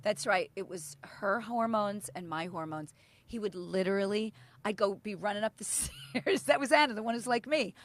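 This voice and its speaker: A middle-aged woman co-hosts a casual podcast chat, speaking in a mid-range voice at a moderate pace. She tells stories, acts out quotes, and swears freely.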